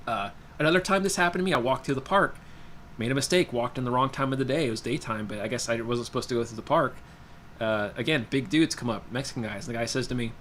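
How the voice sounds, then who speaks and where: A man's voice: medium pitch, expressive, fast, a bit bright, slight background noise. A young man hosting a livestream, chatting loosely and telling stories, with lots of fillers, restarts and laughs. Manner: rambling, laughs often, many fillers and restarts. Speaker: livestream host. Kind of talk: casual chat while reading viewer comments.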